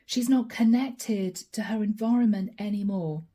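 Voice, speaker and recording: A woman's voice: medium pitch, normal speed, dark tone. A woman giving a channeled tarot reading, talking straight to the viewer in a musing, reassuring way. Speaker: tarot card reader.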